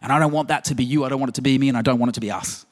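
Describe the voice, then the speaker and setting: A man's voice: mid-range voice, rapid-fire. A man preaching a sermon in a conversational, emphatic way, full of rhetorical questions. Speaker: pastor.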